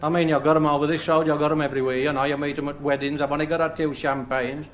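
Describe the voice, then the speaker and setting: A man's voice: a little high, level tone, rapid-fire. A man with a Black Country accent, a comedian reciting rhymes and telling stories in a chatty way. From Black Country, England. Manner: rhyming dialect recitation; chatty storytelling. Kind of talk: stand-up recitation and anecdote.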